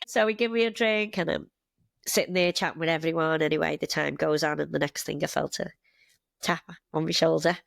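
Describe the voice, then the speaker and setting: A woman in her forties from Liverpool with a Scouse accent, telling lively stories as a podcast guest, laughing often and acting out what people said. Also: on the low side, fast, creaky, no room sound, studio quality. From Liverpool, England. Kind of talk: casual storytelling.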